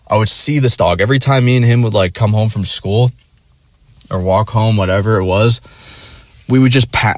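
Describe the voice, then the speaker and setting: A man's voice: fairly low pitch, no echo, clean studio sound. A young man telling a casual, rambling story with lots of swearing and fillers. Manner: rambling, profane, many fillers. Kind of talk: casual rant.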